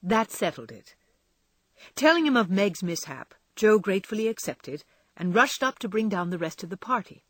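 A woman narrating a classic novel aloud with expressive storytelling. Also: mid-range voice, normal speed, dry recording. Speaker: audiobook narrator.

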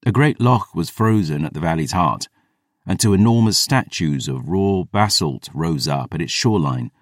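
A man with a very low voice narrates a first-person fantasy story in a measured, descriptive way. He is close to the mic in a dry studio recording. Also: dry recording. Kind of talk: scripted fantasy audiobook narration.

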